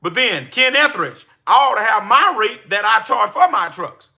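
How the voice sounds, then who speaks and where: A man coaches his live-stream audience in a high, very bright voice. He talks energetically and preaches, now and then breaking into excited shouts. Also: normal speed, vocal fry, few pauses. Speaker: livestream host and business coach. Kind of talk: live-stream coaching talk to chat viewers.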